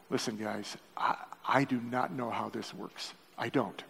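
A man's voice: mid-range voice, animated, normal speed, gravelly, hardly any pauses, a bit bright, breathy edge. An older man preaching a sermon, telling a personal story with emotion and joking with the congregation. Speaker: pastor. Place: church sanctuary. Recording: reverberant church hall.

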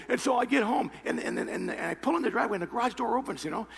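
A man preaching a sermon, telling a personal story with loud animated retellings and quiet earnest appeals. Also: high voice, fast, vocal fry, hardly any pauses, breathy edge. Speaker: pastor. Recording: reverberant hall with faint music.

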